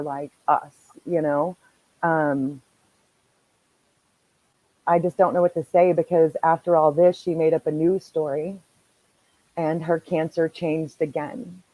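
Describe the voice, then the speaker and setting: A woman hosting a podcast, telling a story in casual chat, animated and swearing freely. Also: deep voice, unhurried, low-quality recording. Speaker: podcast host.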